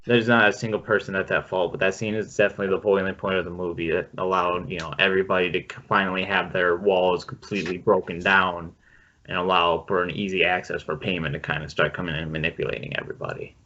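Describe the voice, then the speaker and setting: A man hosting a casual podcast, talking in a relaxed, rambling way with some swearing. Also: low voice, fast talker. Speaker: podcast host leading the film discussion. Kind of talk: casual chat. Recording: dull lo-fi podcast audio.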